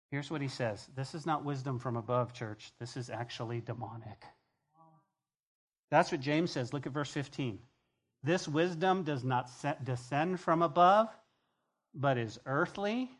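A preacher delivering an emphatic sermon to a congregation, with a voice in a middle register. The delivery swings from loud, punchy lines to hushed asides and slips into quoted voices along the way. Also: medium pitch. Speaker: pastor. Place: church before a congregation.

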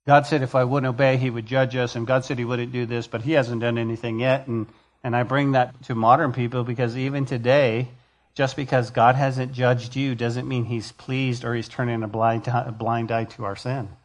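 A man's voice: mid-range voice, flat delivery, normal speed. A man preaching a sermon as pastor, reading scripture and rising to emphatic, passionate preaching.

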